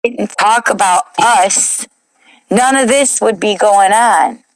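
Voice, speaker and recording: A woman's voice: mid-range voice, takes it slowly, no echo. A woman in a replayed stream clip, taunting and swearing, repeating herself over and over.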